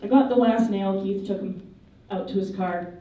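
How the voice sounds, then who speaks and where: A woman giving a memorial eulogy, telling funny, lively anecdotes about the people she remembers. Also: medium pitch, moderate pace, muffled recording, a little hiss or hum. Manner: lively, humorous storytelling. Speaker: eulogy speaker. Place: memorial service hall. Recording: echoey hall, voice from a distance.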